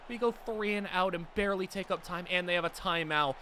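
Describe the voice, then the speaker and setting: Young male gamer, hoarse and bright-toned, shouts over plays, faint hiss under his desk mic. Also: high voice, normal speed, few pauses. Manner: yells and groans over plays, swings from hoarse mutter to shouting. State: hoarse from yelling. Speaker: gaming YouTuber. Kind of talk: excited gameplay commentary.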